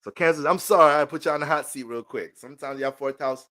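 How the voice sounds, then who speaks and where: A young man giving a casual, profane, joking astrology reading in animated rants. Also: on the high side, quick pace. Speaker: astrology reader.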